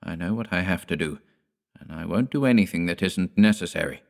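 A man's voice: deep voice, brisk, vocal fry. A man voicing a stern, commanding grown son in an audiobook, firm and gloomy. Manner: firm, brooks no argument.

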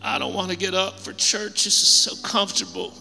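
A man's voice: sits high, sing-song, brisk, gravelly, bright, forceful tone, exaggerated voice. A man playing a comfortable churchgoing man who makes excuses, in a drawling, self-satisfied way. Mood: complacent. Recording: long hall reverb, faint music.

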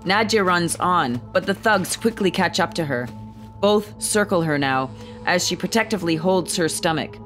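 A woman narrating a screenplay, reading the scene directions in a calm, even way. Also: on the low side, moderate pace, faint music behind.

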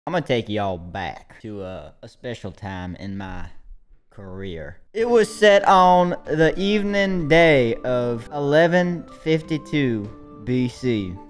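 A man's voice: medium pitch, expressive, slow pace, faint music behind. A young man putting on a Southern US accent as a rambling, mock-grand storyteller. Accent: put-on Southern US.

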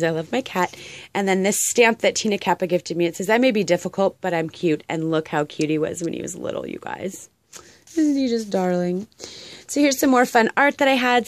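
Gushing low-voiced woman crafter. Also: dry recording. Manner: gushing, chatty, reads card quotes aloud; warm affectionate cat owner. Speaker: paper craft channel host. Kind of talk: casual craft flip-through vlog.

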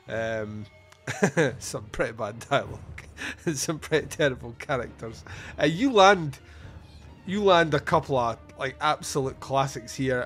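A Scottish man in his forties hosting a casual movie review podcast, laughing often as he recounts scenes. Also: medium pitch. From Scotland. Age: 40s. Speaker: podcast host.

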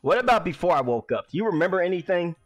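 A man's voice: high-pitched, sing-song, quick pace, no echo, faint music behind. A man reading a polite woman librarian. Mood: curious. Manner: reading game dialogue aloud.

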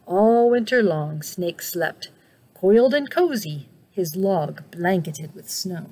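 Woman, middle-aged, storybook reader for children, slow and breathy, lively pitch. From United States. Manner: slow, expressive, asks children questions. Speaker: faith formation director reading to children. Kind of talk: storybook read-aloud for children. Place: church setting.

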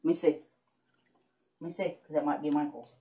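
A grandmother chats in a plain, matter-of-fact way, her voice dark and mellow. She sounds roomy and off camera, with faint noise behind her. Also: sits low, brisk. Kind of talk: casual chat. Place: indoors in a house.

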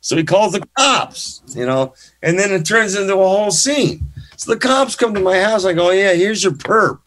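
A man telling a story as a guest musician in a casual chat, animated, swearing freely and restarting often. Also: sits high, moderate pace.

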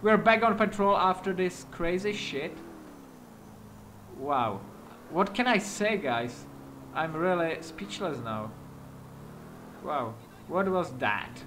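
A man with a non-native English accent giving casual gameplay commentary, excitable and quick to exclaim and swear. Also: fairly high pitch, slight background noise. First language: not English. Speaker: gaming YouTuber.

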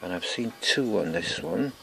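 Welsh guy rambling round his garden on a handheld cam, lowish voice, slides between english and welsh. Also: expressive, gravelly, sharp tone, a little hiss or hum. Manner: slow rambling chat, mutters to himself. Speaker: gardening vlogger. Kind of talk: casual garden walk-through. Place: outdoor garden. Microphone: handheld camera or phone.

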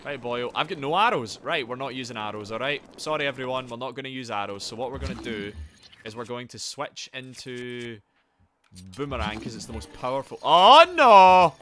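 A man streaming a video game live. He is excitable and sweary, and chats to his viewers while he plays. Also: medium pitch, a little fast, noisy background. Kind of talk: live gameplay commentary.

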